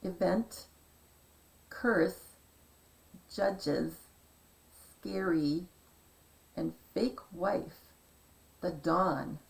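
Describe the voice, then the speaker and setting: A woman talks through a casual vlog monologue in a low, gravelly voice. She speaks slowly and meanders, hesitating and drifting into side remarks. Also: rough recording. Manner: meandering, hesitant, trails off into asides. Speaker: conspiracy decoding vlogger.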